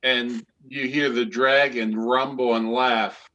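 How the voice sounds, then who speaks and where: A man narrating a tabletop fantasy game as game master, in a measured storytelling manner. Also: mid-range voice, steady tone, sharp tone, highs cut off.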